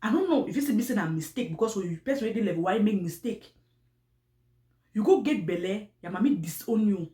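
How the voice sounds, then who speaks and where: A woman talks in Cameroonian Pidgin English, animated and full of restarts. Her voice sits at an ordinary middle pitch. The room adds a clear echo around her. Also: fairly quick. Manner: animated, repetitive, with pidgin phrasing and frequent restarts. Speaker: commentary vlogger. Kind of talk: casual commentary on online personalities.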